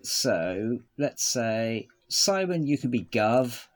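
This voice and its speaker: A man's voice: medium pitch, very animated, slow. A man handing out parts for a sketch reading among friends. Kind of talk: casual banter.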